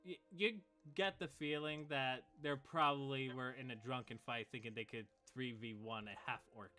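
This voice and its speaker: A man's voice: medium pitch, fairly even intonation, normal speed, sharp tone. A man running a tabletop game as game master, narrating casually with fillers and chuckles.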